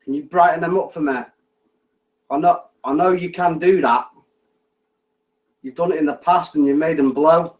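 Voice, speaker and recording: A man's voice: fairly high pitch, moderate pace, long pauses, highs cut off. A man on a ghost hunt, calling out to spirits with patient, repetitive requests. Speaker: ghost hunter.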